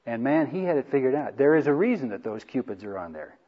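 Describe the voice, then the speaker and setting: A man's voice: medium pitch, big pitch swings, quick pace. A man giving an earnest Bible teaching on marriage to a group, stressing key lines by repeating them. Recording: dull lo-fi recording.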